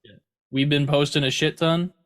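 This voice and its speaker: A man's voice: on the high side, steady tone, normal speed, smooth. A man co-hosting a gaming podcast in casual chat, rambling through jokey stories. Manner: joking, rambling storyteller. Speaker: podcast co-host.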